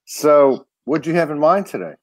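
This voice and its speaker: A man hosting a live online show, loose and a bit halting, greeting viewers by name before bringing on his guest. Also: a little high, a little mellow, no room sound. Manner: loose, stumbling, reads out names. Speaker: host.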